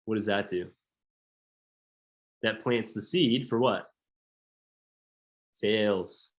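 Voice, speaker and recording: A man coaching salespeople on a call, speaking in an energetic, emphatic way and repeating key points. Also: lowish voice, slow. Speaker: sales trainer.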